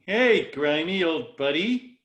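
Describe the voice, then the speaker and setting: A man voicing a dim-witted, cheerful cartoon dad in a table read, goofy and excitable. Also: on the high side, slow pace. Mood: oblivious.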